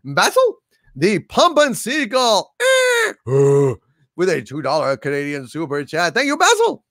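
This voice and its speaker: A man's voice: high voice, huge pitch swings, a little slow, fairly bright tone, no echo, clean studio sound. An older man hosting a livestream, reading super chats aloud with grand, theatrical proclamations. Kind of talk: casual livestream chat.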